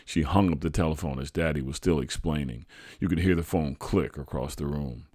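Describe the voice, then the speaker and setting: A man hosting a podcast, reading a true family story aloud in an expressive, animated way. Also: extremely low pitch, a little fast, no room sound, studio quality. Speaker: podcast host and narrator.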